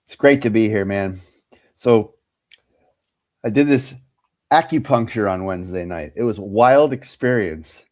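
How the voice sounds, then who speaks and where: A man co-hosting a sports talk stream, telling a story with animated, casual delivery. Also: lowish voice, a little slow, pauses often. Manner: animated storyteller, acts out quotes. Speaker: co-host.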